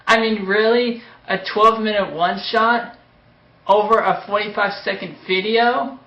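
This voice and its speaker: A man's voice: sits high, fairly even intonation, moderate pace. A man giving a taunting, dismissive commentary on a video. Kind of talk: mocking commentary. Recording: echoey, dull lo-fi recording.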